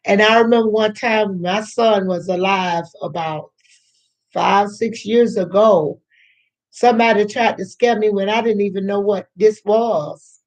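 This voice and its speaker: In a medium-pitched, darkish voice, a grandmother slowly shares a personal story with the camera. She's chatty and rambling, says things more than once, and plays out the lines of other people.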